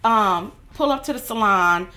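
Animated woman telling a story. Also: medium pitch, measured pace. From Southern California. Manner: animated storyteller, acts out quoted voices, laughs often. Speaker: interview guest, hairstylist. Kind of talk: storytelling interview.

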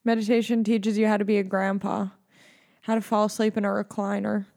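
Young woman, podcast host, casual comedic ramble, sarcastic, mellow dark tone. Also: mid-range voice, fairly quick, creaky. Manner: rambling, sarcastic, deadpan jokes.

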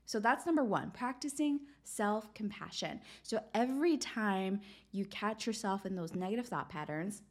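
A woman's voice: medium pitch, animated, normal speed. A woman hosting a casual self-help podcast, talking in an encouraging way and often checking in with "right?". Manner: encouraging, peppered with "right?" tag questions. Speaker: podcast host.

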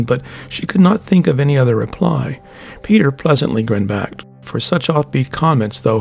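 A man reading a novel aloud as narrator, in measured, steady storytelling. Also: medium pitch, gravelly. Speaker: audiobook narrator. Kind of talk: scripted narration. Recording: faint background music.

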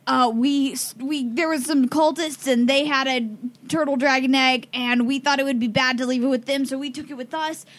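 A woman's voice: high-pitched, steady tone, moderate pace, hardly any pauses. A woman playing in a tabletop game, explaining earnestly in long runs. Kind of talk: tabletop role-play.

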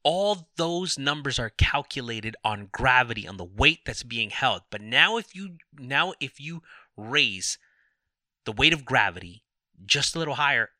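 A man's voice: medium pitch, pushed and bright, no room sound, clean studio sound. A man hosting a faith podcast, talking in an impassioned, rambling way with many restarts. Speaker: podcast host. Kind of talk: preachy faith talk.

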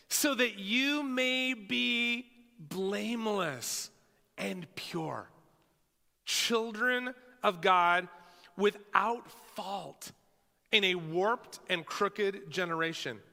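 Animated high-voiced preacher in a hall. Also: male voice, vocal fry. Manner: animated preaching with emphatic pauses and rhetorical questions. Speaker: pastor. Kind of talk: sermon. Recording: long hall reverb.

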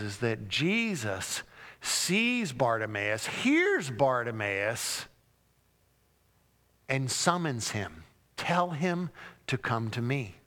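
A pastor preaches a sermon in a medium-pitched, fairly bright voice, telling the story dramatically and acting out the cries and crowd lines. A long hall reverb surrounds the recording.

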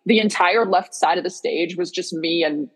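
A young woman on a podcast telling an excited story in casual chat. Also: fairly low pitch, normal speed, slightly rough, rough recording. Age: young adult. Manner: excitable storyteller, animated retelling. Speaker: podcast co-host.

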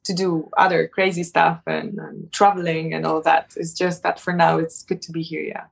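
A woman's voice: low voice, flat delivery, moderate pace, vocal fry, husky. A young woman, a native Polish speaker, talking in a casual interview with many restarts and fillers. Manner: hesitant, many restarts and fillers, laughs often. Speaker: interview guest, model.

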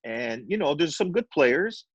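Animated middle-aged storyteller, dry sound. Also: male voice, on the high side, measured pace, husky, no room sound, muffled recording. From Montreal, Canada. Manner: animated, acts out dialogue in his stories. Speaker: retired basketball coach, guest. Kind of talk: storytelling in a podcast interview.

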